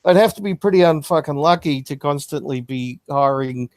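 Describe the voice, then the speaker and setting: A man's voice: on the high side, normal speed, a little mellow, no room sound. A man co-hosting a podcast, chatting casually about movies and restarting his sentences. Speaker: podcast co-host.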